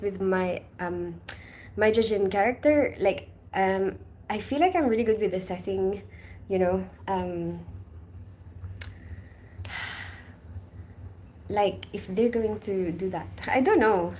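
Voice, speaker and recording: A woman hosts a casual live stream, telling a story in a chatty, animated way. Her pitch sits in an ordinary middle range. A faint hum of background noise runs under her voice. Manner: chatty, animated storytelling, reads viewer comments aloud.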